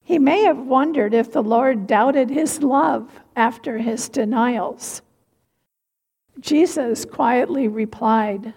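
A woman giving a sermon, telling a story slowly and reflectively. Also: high-pitched, darkish tone, husky. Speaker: preacher. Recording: reverberant hall.

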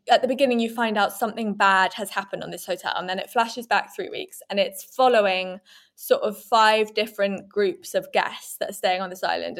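A young woman, co-hosting a podcast in animated casual chat with quick asides. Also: medium pitch. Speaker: podcast co-host.

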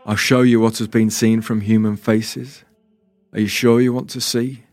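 A man voicing a small, gentle, wise male mouse who speaks softly and quietly. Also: fairly low pitch, flat delivery, moderate pace, no echo, clean studio sound, faint music behind, close to an everyday voice. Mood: gentle awe.

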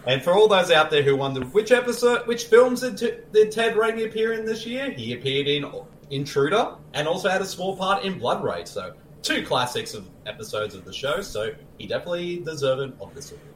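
A man's voice: on the high side, animated, fairly quick, reverberant, slight background noise. A man co-hosting a casual podcast, announcing mock awards in a playful, ceremonial way and swearing for laughs. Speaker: podcast co-host.

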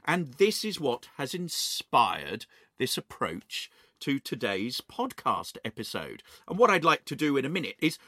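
Lively, animated man, a history professor. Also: mid-range voice, a little slow, no echo, studio quality. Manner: animated, playful, lively storytelling. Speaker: history professor and podcast co-host. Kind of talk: enthusiastic conversational podcast talk. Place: home study or shed, recording remotely.

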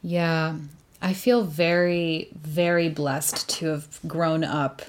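A woman guest in casual conversation, describing dishes in an animated way and laughing often. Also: low-pitched, takes it slowly. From United States. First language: Arabic. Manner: warm, animated food descriptions with frequent laughter. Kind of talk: casual chat.

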